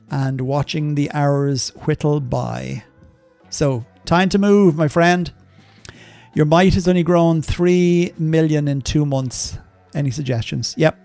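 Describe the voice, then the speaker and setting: A man's voice: a little high, warm tone, no echo. An older man streaming a game live, chatting casually and rambling through viewer questions with lots of ums and asides.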